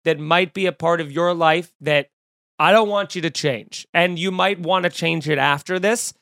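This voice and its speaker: A man hosting a comedy podcast, telling jokey stories in a casual chat with sudden loud outbursts. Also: fairly high pitch, normal speed, no room sound, studio quality. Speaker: podcast host.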